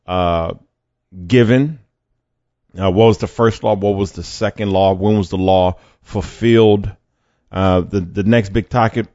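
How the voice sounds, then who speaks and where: A man's voice: low voice, warm tone, dry recording, muffled recording. A man hosting a faith podcast, talking conversationally with fillers, restarts and rhetorical questions. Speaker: podcast host.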